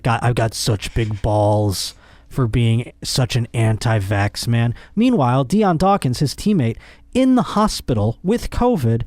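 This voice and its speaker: A man hosting a comedy podcast, ranting and joking crudely, his voice jumping up when he gets worked up. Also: no echo. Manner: animated, crude, jokey, voice jumps high when worked up. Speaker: podcast host. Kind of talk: casual comedic rant.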